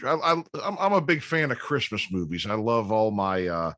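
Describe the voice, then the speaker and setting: A man's voice: fairly low pitch, very animated, normal speed, bright, forceful tone, no room sound. A man in his fifties hosting a casual interview, easygoing and rambling with many fillers. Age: 50s. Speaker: podcast host.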